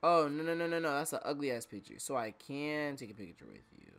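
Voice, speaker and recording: A man's voice: a little high, big pitch swings, fairly quick, gravelly, a crowd in the background. A man doing casual let's-play commentary, joking, swearing and laughing to himself as he plays. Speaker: gamer.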